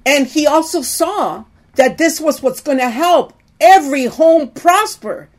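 Preaching woman, somewhat high voice. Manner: preachy, frequent call-outs of "amen?". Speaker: women's Bible teacher. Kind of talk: sermon.

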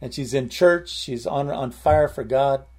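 A man's voice: medium pitch, a little slow, a little mellow. A man preaching informally, telling a story in a rambling way and often repeating his words.

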